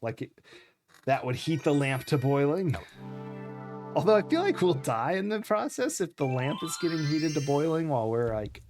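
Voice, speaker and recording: A man's voice: a little high, expressive, moderate pace, music in the background. A man streaming a game live, chatting casually and poking fun at himself while thanking viewers.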